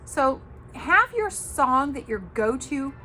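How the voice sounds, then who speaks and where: A woman's voice: high-pitched, sing-song, takes it slowly, heavy background noise. A woman hosting her own podcast, talking casually and emphatically to viewers, giving tough-love advice with the odd cuss word. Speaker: podcast host.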